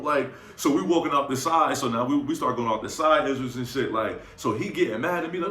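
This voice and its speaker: A young man telling a wild night-out story in a bright, forceful voice, slipping into quoted lines with plenty of swagger. His speech is loose and full of slang. The recording carries a noticeable roomy echo. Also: medium pitch, fairly quick, slight background noise. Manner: animated, slangy, acts out quotes. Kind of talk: casual storytime anecdote.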